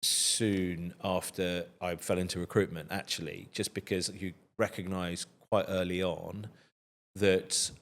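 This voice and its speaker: Man in his 50s, deep low voice, thoughtful, stop-start talking. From United Kingdom. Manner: thoughtful, hesitant with many restarts. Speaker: interview guest, recruiter. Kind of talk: casual interview chat.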